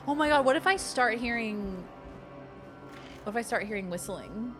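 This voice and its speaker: A woman's voice: medium pitch, expressive, a little fast, over music. A woman streaming a video game, chatting casually and reading the game's text aloud with jokey asides. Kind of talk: casual let's-play chat.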